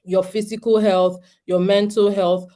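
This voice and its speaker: Delivered flatly and a little slowly, this medium-pitched, mellow voice comes from a Nigerian woman in her thirties. Her audience is homeschooling parents, whom she addresses earnestly and directly while frequently questioning them.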